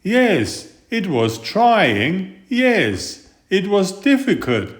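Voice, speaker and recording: A man reading a children's story aloud in a slow, expressive way. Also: high-pitched. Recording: roomy echo.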